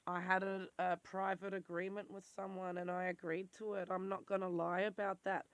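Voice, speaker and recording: An adult in their forties with an Australian accent, talking bluntly and intensely in a candid personal monologue. Their voice is worn and turns squeaky when they get worked up. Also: flat delivery, normal speed, hardly any pauses, fairly bright tone, no room sound. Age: 40s. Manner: blunt, swears freely, intense and rambling. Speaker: vlogger.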